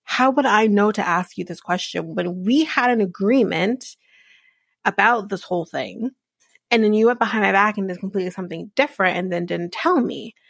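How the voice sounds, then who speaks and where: A woman's voice: mid-range voice, normal speed, vocal fry, no echo, clean studio sound. A woman voicing an exasperated young woman who fires off questions while recounting a reality show. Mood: indignant. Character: indignant young woman demanding answers.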